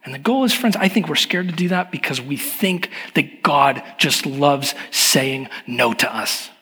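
A man's voice: on the high side, lively intonation, unhurried, sharp tone. A middle-aged male pastor giving a sermon, telling personal stories in a candid, confessional way. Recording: long hall reverb.

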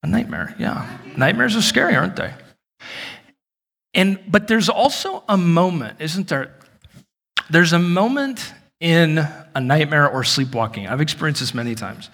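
A man in his thirties preaching a sermon in a church hall, telling stories with lively acted-out moments. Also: a little high, unhurried, gravelly. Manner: animated storytelling, acts out shouted quotes. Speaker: pastor. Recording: long reverb of a large hall.

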